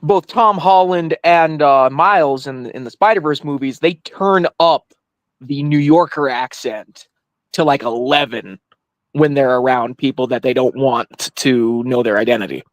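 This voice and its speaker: A man's voice: mid-range voice, unhurried, no room sound. A man co-hosting a podcast, chatting casually and agreeably about movies. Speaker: podcast co-host.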